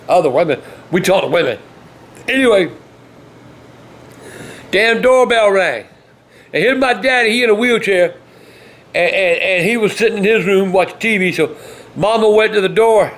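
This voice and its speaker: An older man telling stories in a foul-mouthed, blustering way that often breaks into shouting. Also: sits high. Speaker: storytelling vlogger. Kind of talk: profane storytelling.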